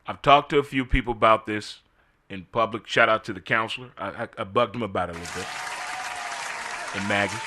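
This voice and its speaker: A man's voice: lowish voice, fairly quick, bright, forceful tone, some chatter behind, a little hiss or hum. A middle-aged man hosting a casual solo commentary, full of incredulous rhetorical questions. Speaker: host.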